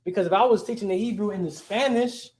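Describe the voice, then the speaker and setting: A language teacher leads a class in a casual, conversational way, constantly checking in with students by asking "right?". His voice sits high and is a little mellow, and he speaks at a quick pace.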